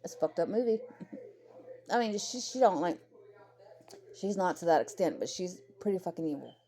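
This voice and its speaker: A woman's voice: lowish voice, animated, normal speed, dark tone. A woman ranting in heated, profane commentary, often repeating herself, talking about her own kids along the way. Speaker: commentary creator.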